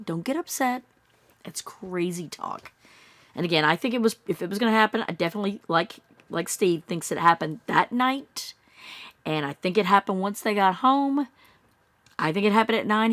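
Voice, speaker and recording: A woman in her thirties giving casual true-crime commentary, skeptical and musing, breaking into high mocking voices when she quotes people. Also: dry recording.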